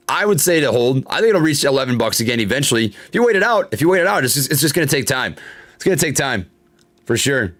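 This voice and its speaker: His pitch is fairly high and his tone fairly bright as the young man hosts a stock-trading livestream. He gives casual chart commentary, reads chat aloud, and vents frustration, cursing and then laughing about it.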